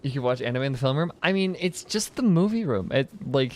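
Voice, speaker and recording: A man's voice: medium pitch, lively intonation, a little fast, a little mellow, slight background noise. Rambling young man chatting while gaming. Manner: rambling, laughing, many fillers and restarts. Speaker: streamer. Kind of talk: casual chat while gaming, reading chat.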